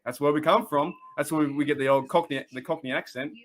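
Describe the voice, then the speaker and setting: An Australian man chatting away on a live stream, his voice sitting a touch higher than most men's. He rambles and restarts often, breaking into laughs as he tries to keep up with the chat, all in a loose, excitable way. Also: fast talker. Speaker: host of a fan livestream.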